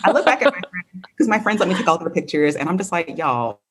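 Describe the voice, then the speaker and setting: A woman's voice: fairly low pitch, quick pace, a little hiss or hum. A woman guest on a podcast, telling her story in casual chat and acting out her own thoughts. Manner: animated storyteller who acts out her own inner voice.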